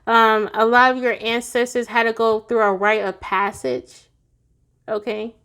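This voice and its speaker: Female tarot reader, slightly high voice, casual and goofy, tired, talks to viewers as y'all. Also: steady tone, measured pace, a bit bright.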